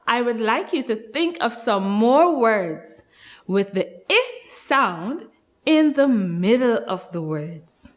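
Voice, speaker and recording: A woman leads a nursery phonics lesson in a bright, sing-song teacher's manner. Her pitch sits a little high and leaps around as she prompts the children, and she draws every word out very slowly. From Guyana.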